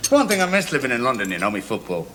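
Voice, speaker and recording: A man's voice: mid-range voice, sing-song, noisy background, lightly acted. An actor playing a cheeky young man with a Liverpool accent who mocks and argues back in a studio sitcom. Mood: arguing. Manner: mocking, quick to argue back. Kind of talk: 1960s-70s studio sitcom acting.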